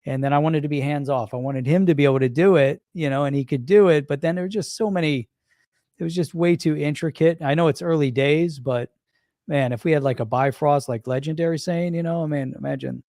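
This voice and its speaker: A man's voice: fairly high pitch, a little fast, mellow, no room sound, studio quality. A man co-hosting a casual livestream chat, conversational and full of fillers. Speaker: co-host.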